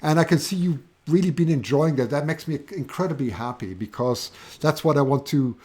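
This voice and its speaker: German guy hosting a livestream, excited but halting, lots of restarts. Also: fairly high pitch. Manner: enthusiastic, halting, many restarts. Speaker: host of a livestream. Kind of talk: casual live-stream chat.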